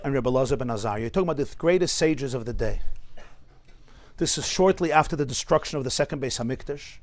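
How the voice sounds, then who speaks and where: A rabbi teaching a lecture-style class in a study hall, telling stories with asides and building to emphatic, impassioned peaks. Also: male voice, mid-range voice. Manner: storytelling with asides to listeners.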